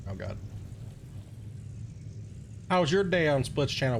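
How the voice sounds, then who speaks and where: A man's voice: on the high side, big pitch swings, measured pace, gravelly, slight background noise. A man hosting a gaming channel, chatting casually and rambling, swearing and laughing often while he plays. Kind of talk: casual gameplay commentary.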